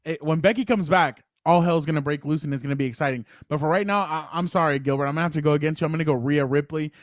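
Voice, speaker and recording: A man co-hosting a sports podcast, his voice sitting a bit high for a man. He rambles with excitement and jumps between thoughts. The sound is dry and close, with no room around it. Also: very fast, no room sound. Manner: excited, rambling, retells matches with quoted voices. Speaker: podcast co-host. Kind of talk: casual sports chat.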